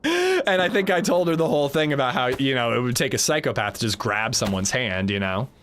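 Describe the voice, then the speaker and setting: A man's voice: mid-range voice, fast talker, slight background noise. A young man live-streaming a game, casually telling a story to his chat and laughing along. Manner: animated storytelling, laughing, reading chat aloud. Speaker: livestreamer.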